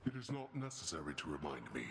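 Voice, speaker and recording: Stern, scornful underworld god. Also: male voice, very deep voice, sing-song, quick pace, a bit bright, roomy sound, soft background music, full character voice. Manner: commanding, scornful. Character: stern cold male god of the dead. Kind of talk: video game voice acting.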